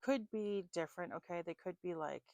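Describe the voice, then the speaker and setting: North american lady reading tarot, low gravelly voice, thinks out loud, keeps saying okay, dry close sound. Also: a little fast, dry recording. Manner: musing, thinking aloud, often asking "okay?". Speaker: tarot reader. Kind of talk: casual spiritual reading with spirit box.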